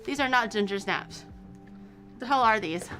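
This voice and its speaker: A woman's voice: on the high side, expressive, normal speed, fairly bright tone, faint music behind. A young woman streaming, rambling casually about her day with swearing and laughs. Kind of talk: casual chat.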